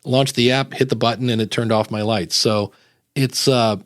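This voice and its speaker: Man, podcast host, chatty, enthusiastic, medium pitch, dry close sound. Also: steady tone, normal speed, no room sound. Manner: chatty, enthusiastic, tells little stories. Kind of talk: casual chat. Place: live-streamed podcast.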